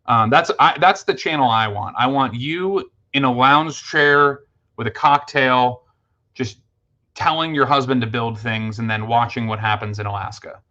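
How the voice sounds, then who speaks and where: A man's voice: mid-range voice, normal speed, sharp tone, lo-fi sound. A man hosting a casual late-night livestream, chatting with viewers and thanking them, with lots of fillers and restarts. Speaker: livestream host.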